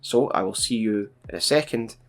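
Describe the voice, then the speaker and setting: A man's voice: fairly low pitch, moderate pace. A man casually commenting on his gameplay as a gaming YouTuber, chatty and laid-back with playful asides.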